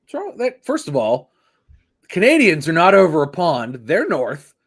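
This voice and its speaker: A man's voice: a little high, normal speed. A man co-hosting a wrestling podcast, chatting casually with a sarcastic edge. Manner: animated, sarcastic. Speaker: podcast co-host. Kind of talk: casual chat.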